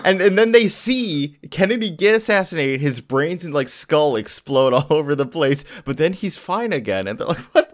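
A man's voice: a little high, expressive, normal speed, few pauses. A man co-hosting a casual podcast, laughing often and acting out characters' lines while recapping a comic. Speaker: podcast co-host. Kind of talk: casual comic book discussion.

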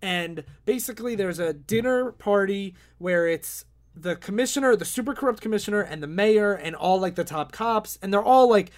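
A man's voice: high voice, animated, normal speed. A man casually recapping a comic book with friends, telling the story with quoted voices and swearing. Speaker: podcast co-host.

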